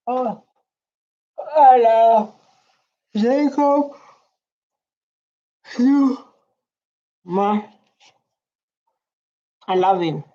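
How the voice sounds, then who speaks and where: A woman talks slowly through a reaction video in a warm, mellow voice. She rambles and repeats herself as she chats. The recording sounds a little muffled and lo-fi. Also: mid-range voice. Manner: chatty, rambling, repeats words. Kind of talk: casual reaction commentary.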